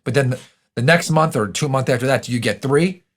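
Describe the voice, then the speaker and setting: A man's voice: medium pitch, brisk, fairly bright tone. A man hosting a podcast, coaching listeners on finances in an emphatic, direct way. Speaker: podcast host. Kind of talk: motivational podcast talk.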